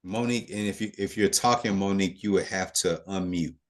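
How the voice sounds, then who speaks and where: A man hosting a live online investing class, answering questions over a video call in a relaxed way, with many fillers and restarts. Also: sits low, a little fast.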